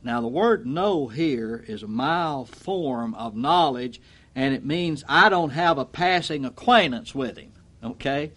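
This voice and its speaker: A man preaching an expository sermon in a folksy way, acting out quotes and swinging from loud to low. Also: animated, unhurried.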